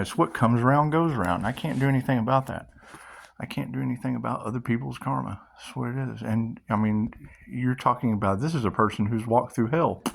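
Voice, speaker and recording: A man's voice: medium pitch, vocal fry, a bit bright. A middle-aged man hosting his own channel, giving a rambling spiritual monologue and storytelling, swearing casually and laughing often. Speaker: channel host.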